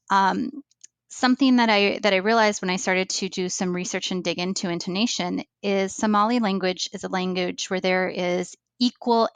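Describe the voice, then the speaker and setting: A woman's voice: medium pitch, creaky, a bit bright, smooth, no echo. Woman guest explaining, dry close sound. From United States. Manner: thoughtful, many fillers and restarts. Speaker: ESL training coordinator, guest. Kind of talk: explaining in a podcast interview.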